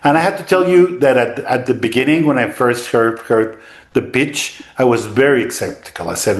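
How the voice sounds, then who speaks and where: A man's voice: mid-range voice, moderate pace. Mexican-accented male doctor, echoey room. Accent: Mexican Spanish. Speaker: guest doctor. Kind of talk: interview answers.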